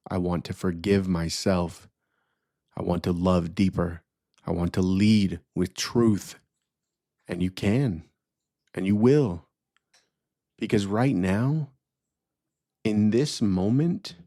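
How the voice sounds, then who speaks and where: Deep gravelly man leading affirmations. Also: dark tone, no room sound, clean studio sound. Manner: slow, deliberate, emphatic repetition. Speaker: podcast host. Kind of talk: guided affirmation ritual.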